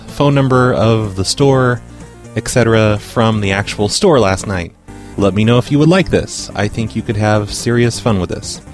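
A man hosting a prank call radio show, brash and profane, talking casually and posing as an official on calls. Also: on the low side.

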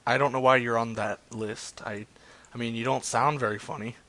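A man's voice: mid-range voice, fairly even intonation, normal speed, a bit bright, no echo. A man hosting a live stream, chatting in a rambling, crude, joking way between prank phone calls. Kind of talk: casual profane streaming chat.

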